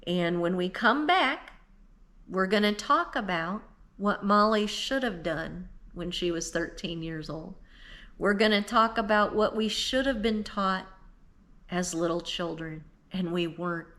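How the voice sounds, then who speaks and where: A woman's voice: medium pitch, a bit bright. Earnest woman in her fifties. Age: 50s. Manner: earnest, emotional, at times tearful; speaks directly to the listener. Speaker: Christian speaker. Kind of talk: heartfelt devotional talk.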